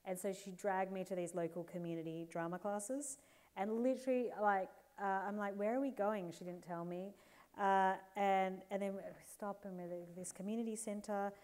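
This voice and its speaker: An Australian woman in her forties, a guest author telling candid, animated stories on a live stage, laughing and putting on playful voices. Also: medium pitch, normal speed. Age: 40s.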